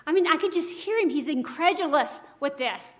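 A woman's voice: high-pitched, expressive, fairly quick. A woman giving a devotional Bible teaching, earnest and emphatic, full of rhetorical questions.

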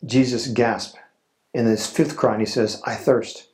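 A man preaching a sermon in a slow, solemn way, with dramatic pauses. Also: mid-range voice, steady tone, darkish tone. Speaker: pastor.

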